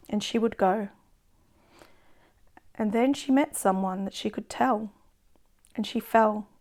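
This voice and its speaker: Woman reading poetry in a flat voice. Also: medium pitch. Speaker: poet reading her own book.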